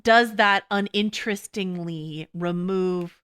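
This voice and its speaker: Chatty woman with a bright, clear voice. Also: lowish voice. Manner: quick, chatty, full of "you know" and laughs. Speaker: podcast host. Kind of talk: casual TV discussion chat.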